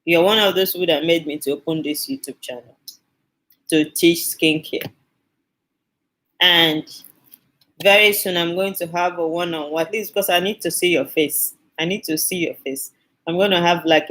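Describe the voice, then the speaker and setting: A woman's voice: deep voice, fairly even intonation, normal speed, a bit bright, low-quality recording. A woman hosting a skincare live stream, chatting with viewers and thanking them effusively, often repeating her phrases. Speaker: skincare channel host.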